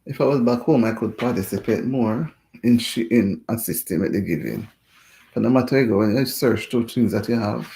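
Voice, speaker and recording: A man's voice: medium pitch, vocal fry, mellow. A man hosting a casual livestream chat, talking in a rambling, indignant way and repeating himself.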